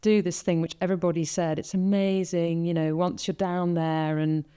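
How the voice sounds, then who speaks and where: A woman's voice: on the low side, little pitch movement, normal speed, mellow, clear, resonant tone. A woman hosting a podcast, telling a personal story in casual conversation and acting out her own thoughts as she goes. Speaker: podcast host.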